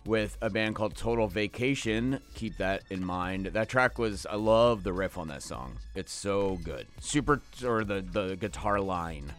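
A man with a low voice is hosting a radio show and back-announcing the songs in an eager, rambling way, with plenty of fillers. Faint music plays underneath him. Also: fairly bright tone. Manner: rambling, enthusiastic, frequent fillers.

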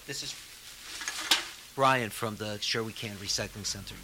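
A man's voice: lowish voice, unhurried, gravelly, bright, forceful tone, slight background noise, low-quality recording. A man hosting a casual radio chat, talking in a loose, rambling way with many fillers. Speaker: radio host.

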